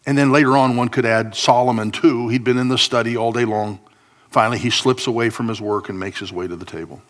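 A man's voice: medium pitch, steady tone, a little fast, fairly bright tone. A man preaching a sermon, telling a scripture story expressively and acting out the quoted lines.

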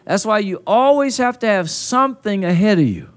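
A man preaching a sermon at a conference into a handheld mic, building to loud emphatic call-and-response peaks with folksy, colloquial phrasing. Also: high-pitched, expressive, normal speed. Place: conference hall.

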